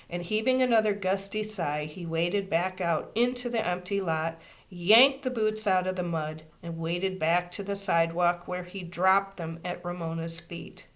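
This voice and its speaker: A woman, a teacher, reading a children's chapter book aloud with expressive, steady storytelling. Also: lowish voice, a little slow.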